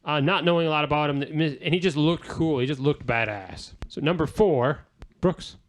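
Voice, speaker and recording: A man's voice: a little high, moderate pace. A man hosting a casual podcast chat, moderating and calling on each guest in turn. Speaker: podcast host.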